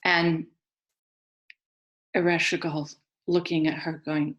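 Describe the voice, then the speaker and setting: A woman telling a myth in a slow, solemn, dramatic storytelling manner. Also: lowish voice, fairly even intonation, a bit bright. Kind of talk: mythic storytelling.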